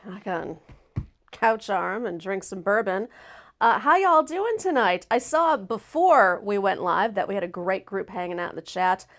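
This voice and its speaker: A woman hosting a casual live stream, loud, laughing often and swearing freely. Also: mid-range voice, big pitch swings, a little slow. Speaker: host.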